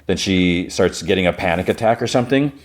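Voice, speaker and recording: A man's voice: low voice, brisk. A man hosting a podcast, casually recapping a show in a rambling, filler-heavy way. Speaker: podcast host.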